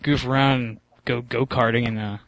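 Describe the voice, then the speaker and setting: A man's voice: medium pitch, fairly even intonation, moderate pace, vocal fry, fairly bright tone, no room sound. A young man hosting a podcast, telling crude rambling stories in casual chat and slipping into silly voices. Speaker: podcast host.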